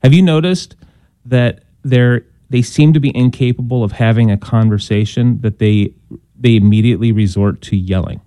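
A man's voice: medium pitch, normal speed, warm tone, no echo. A man co-hosting a call-in radio talk show, asking the host conversational, leading questions.

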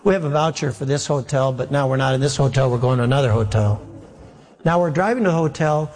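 A man's voice: mid-range voice, fast talker. A man who is a pastor, telling a humorous travel story in a sermon and acting out the dialogue. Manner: humorous, animated anecdote with acted-out dialogue. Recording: long reverb of a large hall.

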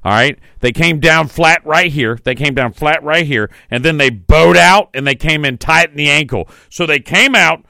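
A man in his forties hosting a morning radio talk show, telling stories in a lively, chatty way. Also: fairly high pitch, normal speed, creaky, few pauses, dry recording, clean studio sound. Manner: animated storytelling, mimics quotes. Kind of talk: casual radio chat.

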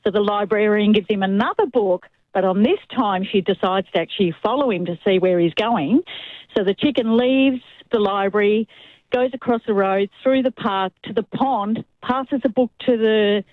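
A woman on a thin, tinny phone line tells a long joke at an even pace. Her storytelling is calm and steady, with a dry sound. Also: mid-range voice, moderate pace, no echo. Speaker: caller. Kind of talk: telling a long joke on air.

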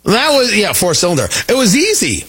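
Man, talk radio host, husky bright voice, animated and emphatic, studio mic. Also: high-pitched, brisk. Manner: animated, emphatic, joking asides. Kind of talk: opinionated talk radio monologue.

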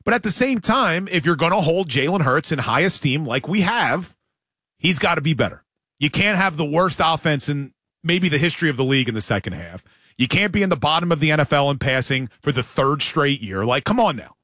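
A man hosting sports talk radio, making emphatic, animated points about his team. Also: fairly high pitch, a little fast, no echo, studio quality.

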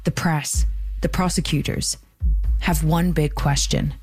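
Low-voiced woman narrating a documentary podcast. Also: soft background music. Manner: measured, even delivery.

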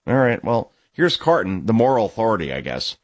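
A man's voice: lowish voice, fairly quick, no echo. A man hosting a sports talk show, sarcastic and indignant as he tells stories and gives opinions. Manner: sarcastic, indignant, animated storytelling. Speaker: youth baseball coach and father.

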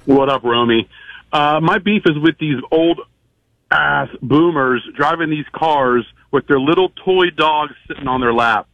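A man's voice: a little high, unhurried, no room sound. A man calling in to a radio show with a brash, slangy rant. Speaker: caller. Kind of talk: call-in phone chat. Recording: dry, dull phone line.

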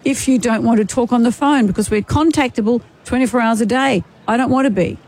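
A woman's voice: on the high side, brisk, darkish tone. A woman co-hosting a radio show, chatting casually and arguing her point with stammered restarts. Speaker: radio co-host. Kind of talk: casual on-air banter.

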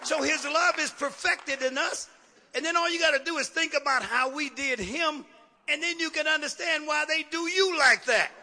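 Man, preacher, sermon, very high pitch, piercing bright tone, rising to shouts. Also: moderate pace, slight background noise.

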